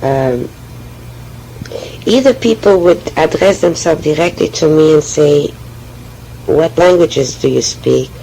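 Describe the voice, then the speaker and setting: A woman with a French accent, speaking haltingly and often restarting as she tells her personal oral history. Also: deep voice, gravelly, dark tone, slight background noise, poor audio. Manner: hesitant, halting, with frequent restarts. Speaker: memoir speaker.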